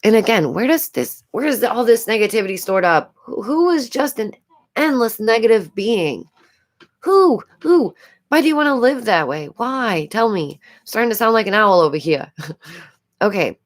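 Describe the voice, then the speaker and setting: A woman's voice: mid-range voice, animated, normal speed. A woman hosting a casual commentary vlog, exasperated and rambling, breaking into frequent laughs. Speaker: YouTube commentary host.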